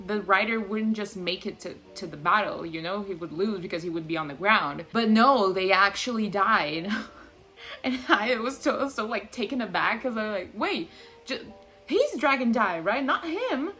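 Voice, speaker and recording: Young woman doing a chatty book review vlog, super animated, says like a lot, laughs a bunch. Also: medium pitch, normal speed, soft background music. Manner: gushing, animated, lots of "like" and laughs. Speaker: book vlogger. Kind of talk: casual book review chat.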